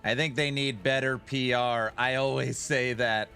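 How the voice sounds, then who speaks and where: Male live-stream host, bright forward tone, casual joking chat, rattles off viewer names. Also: medium pitch, steady tone, normal speed, hardly any pauses, faint music behind. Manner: loose, joking, greets chat by name.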